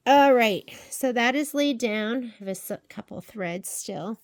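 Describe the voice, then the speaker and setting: A sewing and embroidery instructor walks viewers through a project step by step, chatting straight to them as she works. Her voice sits on the high side, expressive and measured in pace. It's a casual craft tutorial recorded in a sewing shop's sewing room, with faint machine noise in the background.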